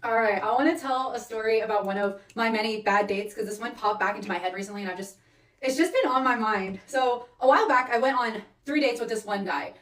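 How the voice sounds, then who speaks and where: Woman, chatty storyteller, slightly high voice, roomy echo with the mic some distance away. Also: brisk. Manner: animated, chatty, asks "all right?" and "okay?" as she goes. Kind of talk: storytime vlog.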